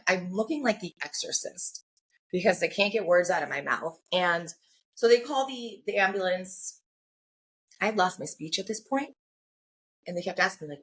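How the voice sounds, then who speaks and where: A woman's voice: fairly low pitch, lively intonation, a little fast, a bit bright. A woman guest on a podcast, candidly telling her personal story, often acting out what others said and peppering her speech with "like" and "you know.". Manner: frank, acts out quoted voices, frequent "like" and "you know".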